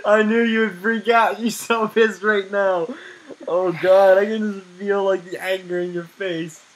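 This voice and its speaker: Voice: medium pitch, steady tone, a little slow, poor audio. A friend watching a game session, teasing and amused. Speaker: gaming friend. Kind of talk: casual chat during gameplay.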